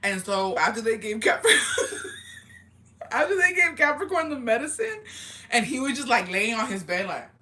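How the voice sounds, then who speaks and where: A young woman tells a family story on her vlog in loose, casual chat. Her voice is bright and forceful, and she swears freely and breaks into laughter along the way. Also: a little high, moderate pace, slight background noise. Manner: animated, swears a lot, laughs while telling stories. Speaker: vlogger.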